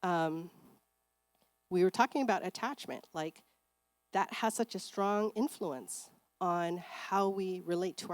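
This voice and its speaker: A middle-aged woman giving a church seminar talk on parenting, chatty and animated, acting out parents and kids in bright voices. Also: medium pitch, no echo. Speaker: seminar speaker.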